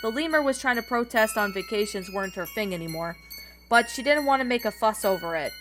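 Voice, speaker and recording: A woman narrating a story in a plain, steady reading voice with small slips. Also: on the high side, fairly quick. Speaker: story reader. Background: background music.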